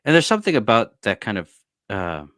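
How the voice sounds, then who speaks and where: A man with a lowish voice musing over a video call. He tells his story in a relaxed, reflective way, circling back with fillers and restarts. The sound is dry and close, with no room around it. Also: brisk, no echo. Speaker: former monk, podcast guest or host. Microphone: video call over unstable internet.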